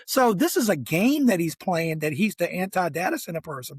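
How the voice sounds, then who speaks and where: A man's voice: high voice, big pitch swings, brisk, hardly any pauses, slightly rough, no echo. A man with a Southern Maryland country accent, ranting emphatically as a guest in a casual political discussion. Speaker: podcast guest.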